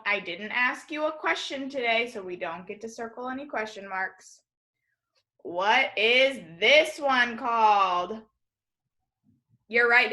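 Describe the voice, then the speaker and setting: A woman teaching a kindergarten class remotely, speaking in a slow, encouraging and upbeat way to young children. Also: a little high, bright, forceful tone. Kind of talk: distance-learning lesson to young children.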